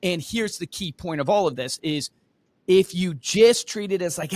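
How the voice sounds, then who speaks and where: A man's voice: on the high side, animated, moderate pace, no room sound. A man hosting a call-in podcast, giving direct coaching advice and checking in with "right?". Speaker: podcast host.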